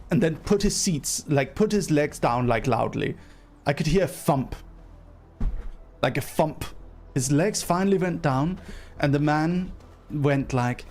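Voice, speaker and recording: A man casually recounting a story to his stream, swearing freely and hammering his points with emphasis. His voice sits a bit higher than most men's, and soft music plays faintly behind him. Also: measured pace. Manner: animated, profane, emphatic, mocking.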